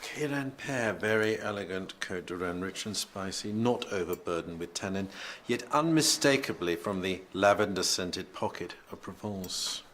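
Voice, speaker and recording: A man's voice: deep voice, animated, normal speed, hardly any pauses, fairly bright tone, slight background noise. An actor playing a fussy, pompous male GP with a grandiloquent, lecturing manner. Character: pompous male GP, fussy gourmet, fond of wine. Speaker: doctor. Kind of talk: TV drama acting.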